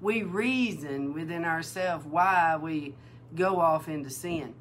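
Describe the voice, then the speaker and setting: With a deep voice and an unhurried pace, a woman who is a prophetic minister delivers a sermon-style testimony and teaching. She tells her story with animation, acting out each exchange, and sounds emotional, close to tears. A faint hiss runs beneath her voice.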